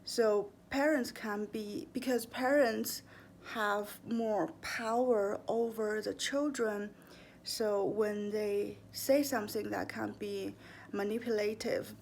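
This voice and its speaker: Brief: young woman vlogger, slow and deliberate, gravelly voice, earnest advice. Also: medium pitch, a little hiss or hum. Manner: calm, earnest, deliberate, with fillers and slips. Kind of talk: casual advice monologue.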